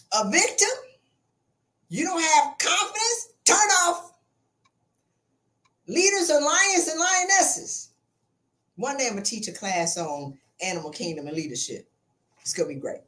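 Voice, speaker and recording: Woman podcast host, super lively high voice, blunt preachy, says it again and again. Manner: blunt, preachy, repeats lines for emphasis. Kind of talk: animated motivational talk.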